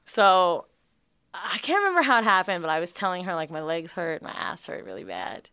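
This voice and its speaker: A young woman casually telling a long, animated, profanity-filled story as a podcast co-host. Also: fairly low pitch, a little fast, clear, resonant tone, dry recording.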